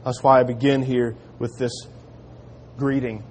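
A man preaching a sermon in an earnest manner, dropping to quiet, slow emphasis on key lines. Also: mid-range voice, little pitch movement, a little hiss or hum. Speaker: pastor.

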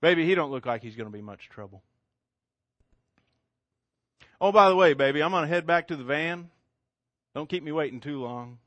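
A man's voice: a little high, lively intonation, fast, fairly bright tone, dry recording, lo-fi sound. A man doing Carl, a drunk, mocking lout. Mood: lazy.

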